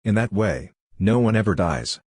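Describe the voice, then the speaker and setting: A man reading the part of a wise, tender condemned male prisoner who speaks gently and philosophically. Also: lowish voice, lively intonation, moderate pace, breathy edge, dry recording, clean studio sound.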